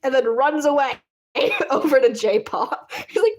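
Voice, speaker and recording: A woman's voice: sits high, big pitch swings, moderate pace. A woman telling a rambling, giggly story while drawing, with many fillers. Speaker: video creator.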